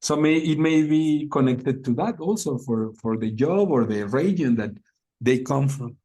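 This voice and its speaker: A man's voice: medium pitch, measured pace, mellow, slightly rough. A man leading an English class discussion, speaking English as a with many fillers and restarts. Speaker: English teacher.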